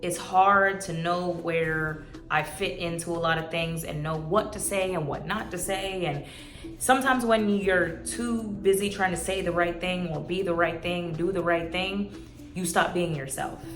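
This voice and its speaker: A woman's voice: fairly low pitch, measured pace, reverberant, over music. A woman in her twenties talking earnestly to her viewers in a casual vlog, rambling and emotional. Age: 20s. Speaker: YouTuber. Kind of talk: heartfelt vlog talk.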